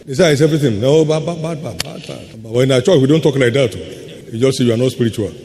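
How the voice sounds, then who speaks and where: A man's voice: mid-range voice, dark tone. Male preacher in an echoing hall. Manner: emphatic preaching, swings between quick asides and slow stressed words. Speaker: pastor. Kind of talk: sermon. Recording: faint hum in a long-reverb hall.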